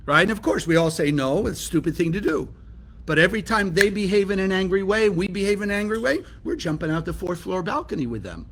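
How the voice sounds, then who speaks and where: A man's voice: high voice, expressive, quick pace, fairly bright tone, a little hiss or hum. A man from California teaching a spiritual lesson, emphatic and often asking his listeners rhetorical questions. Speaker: Kabbalah teacher.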